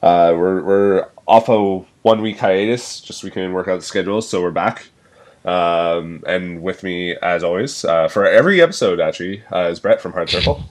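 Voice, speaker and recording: Young guy hosting a podcast, real low voice, loose rambly chat. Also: moderate pace. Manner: relaxed, rambling with fillers and laughs. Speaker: podcast host.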